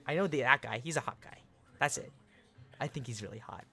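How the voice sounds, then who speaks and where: A young man hosting a casual live stream, chatting excitedly with viewers, swearing and laughing as he reacts to chat. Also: medium pitch, brisk, vocal fry, breathy edge. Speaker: livestream host.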